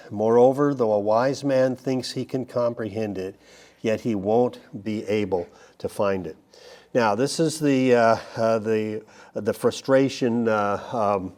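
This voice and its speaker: A man's voice: on the low side, a little mellow. A man teaching a Bible study lesson, talking it through loosely with frequent restarts and fillers. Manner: halting, many restarts and fillers.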